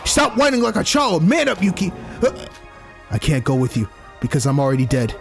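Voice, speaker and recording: A man voicing a stern but caring older mentor who gives firm, steady encouragement. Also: high voice, brisk, vocal fry, soft background music, pitched above the performer's own voice, heavily acted.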